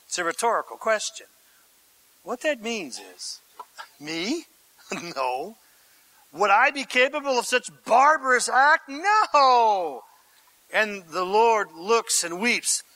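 A male pastor preaching a sermon, dramatic, dropping to hushed tones and rising to shouts, asking the congregation direct questions. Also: a little high, no echo, rough recording.

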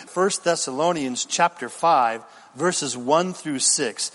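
A man's voice: a little high, slow, hardly any pauses, a bit bright, long reverb tail. A man preaching a sermon as pastor, reading scripture emphatically and putting questions to the congregation.

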